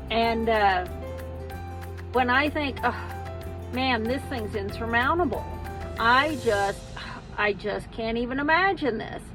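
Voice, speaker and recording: A woman's voice: a little high, a bit bright. A middle-aged woman vlogging to camera as she walks, venting frankly and then giving herself a pep talk. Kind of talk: casual vlog, talking to camera while walking.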